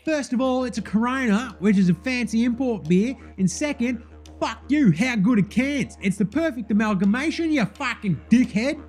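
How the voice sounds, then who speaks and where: A man's voice: extremely high pitch, expressive, soft background music, voice pushed up. A man voicing a brash, crude Australian basketballer who swears constantly, with an Australian accent. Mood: rowdy. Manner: swearing, loud, rowdy, drawn-out vowels.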